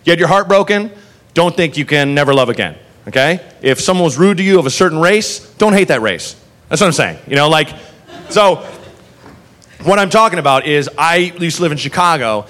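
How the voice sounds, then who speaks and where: A man doing stand-up, telling a long story with swearing and quick acted-out voices for the people in it. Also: on the high side. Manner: animated, swearing, acts out characters in quick voices. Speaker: stand-up comedian. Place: comedy club stage. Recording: live room with faint crowd and noise.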